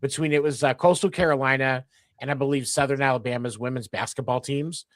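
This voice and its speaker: A man's voice: medium pitch, fairly even intonation, brisk, dry recording. A man hosting a casual sports podcast, rambling along with lots of fillers and restarts. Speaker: podcast host.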